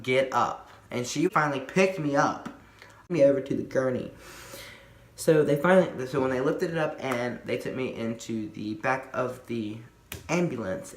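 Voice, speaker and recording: A man's voice: medium pitch, fairly bright tone, echoey room, slight background noise. A man telling a casual storytime, rambling with lots of fillers and restarts. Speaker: vlogger.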